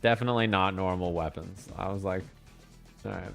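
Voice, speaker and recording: A man's voice: deep voice, fairly quick, creaky, fairly bright tone, faint music behind. A man commentating a fighting game stream in a laid-back, conversational way. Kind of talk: esports commentary.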